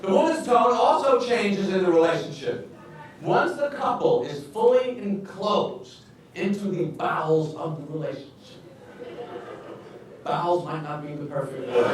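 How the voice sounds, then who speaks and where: High-voiced comedian, echoey and distant. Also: male voice, background noise. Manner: exaggerated, mocking, playful delivery. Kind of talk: stand-up comedy routine. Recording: echoey room, clip played from far off.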